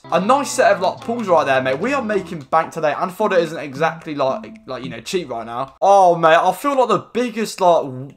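Young guy, gaming commentary, slangy and excitable, slightly high voice. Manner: excitable, slangy, bursts into loud outbursts. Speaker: gaming YouTuber. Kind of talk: casual gameplay commentary.

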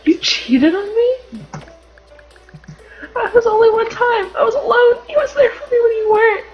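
A woman's voice: lively intonation, moderate pace. A woman voicing a tearful little girl who pleads while playing house. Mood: upset pleading. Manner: pleading, shrill. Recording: muffled recording, faint music.

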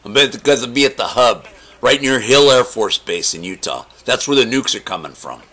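Rambling deadpan man on a prank call. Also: mid-range voice, normal speed. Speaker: comedy prank caller.

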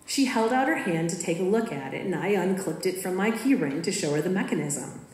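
A woman reading her own personal story aloud in a measured, expressive way, in a school auditorium. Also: fairly low pitch. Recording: echoey hall.

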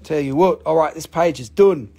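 A man's voice: on the high side, moderate pace, gravelly, mellow. A middle-aged man hosting a live stream, selling rocks with profane, joking, rambling talk.

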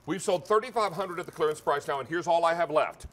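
A man's voice: fairly high pitch, fast. A man hosting a live TV shopping show, chatty and upbeat, calling out stock counts as he sells. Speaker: TV shopping host. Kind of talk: live home shopping presentation.

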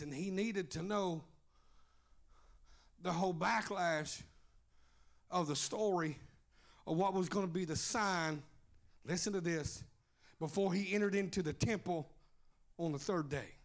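A pastor preaching a fiery revival sermon in a church service, shouting and sing-song, punctuating phrases with "uh". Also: male voice, high-pitched, a little slow, long pauses.

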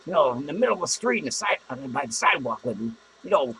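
Here the host talks fast in a slightly high, sing-song voice against background noise. He's in character as a crude, drunk clown running a podcast out of a small studio, and his boozy, profane, self-mocking ramble keeps collapsing into cackling laughter.

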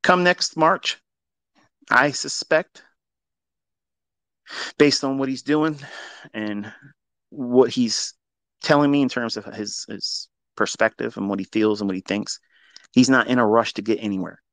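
A man with a mid-range voice lectures on trading, blunt and heavily profane. He swings from loud, emphatic outbursts to low, muttered asides. The sound is dry and close, with no room echo. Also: a little slow, long pauses. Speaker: trading educator. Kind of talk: live audio space talk.

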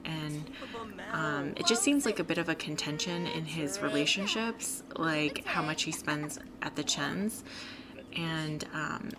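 A woman's voice: sits low, unhurried. Chatty woman narrating a game. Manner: chatty, lots of fillers, sympathetic. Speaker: let's play host. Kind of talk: casual gameplay commentary. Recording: steady background noise.

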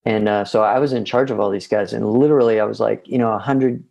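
Guy w a gravelly voice rambling thru old military stories, keeps restarting. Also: fairly low pitch, fairly even intonation, quick pace, mellow, lo-fi sound. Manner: rambling, self-interrupting anecdotes. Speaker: podcast guest. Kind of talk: casual storytelling.

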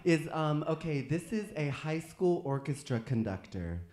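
A man's voice: a little high, very animated, a little slow, reverberant, a little hiss or hum. Self-mocking male stand-up comic. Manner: jokey, self-mocking, breaks into loud sung bits. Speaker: stand-up comedian. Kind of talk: live comedy set with songs and impressions. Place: live venue with audience.

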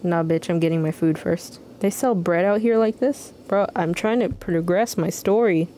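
A woman's voice: on the low side, moderate pace, warm tone, a little hiss or hum. A young woman streaming a game live, giving profane, slang-filled joking commentary.

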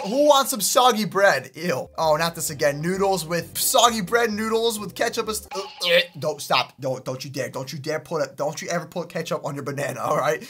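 A young man hosting a casual reaction video, excitable, slangy and joking as he exclaims at what he sees. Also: high voice. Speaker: YouTube host reacting to videos.

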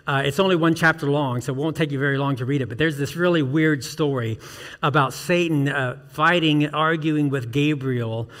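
A man's voice: on the high side, normal speed, a bit bright. Man preaching in a reverberant church. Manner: earnest preaching with rhetorical questions and rising emphatic peaks. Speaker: pastor. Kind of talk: sermon. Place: church sanctuary.

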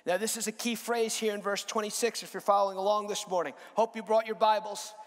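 A man delivers a sermon with a strikingly high voice, his words ringing out with the long reverb of a large church hall. He builds from measured, low-key statements to loud, emphatic repetition, stumbling and restarting as he presses each point. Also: steady tone, a little hiss or hum. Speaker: guest preacher. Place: church sanctuary.

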